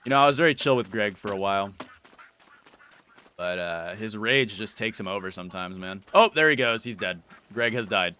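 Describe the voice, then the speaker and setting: A man's voice: lowish voice, lively intonation, moderate pace, sharp tone, slight background noise. A man giving casual, playful gameplay commentary as a YouTuber, teasing and chatting to the creatures in his game. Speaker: gaming YouTuber.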